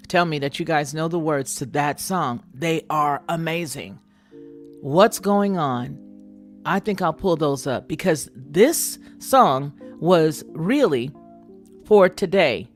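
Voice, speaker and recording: A middle-aged woman hosting a casual live chat, thinking aloud and speaking directly to her viewers. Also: on the low side. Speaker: channel host.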